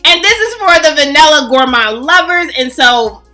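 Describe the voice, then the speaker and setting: Brief: high, bright woman, animated gushing vlog host, faint music under. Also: moderate pace. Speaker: fragrance channel host. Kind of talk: casual chatty vlog.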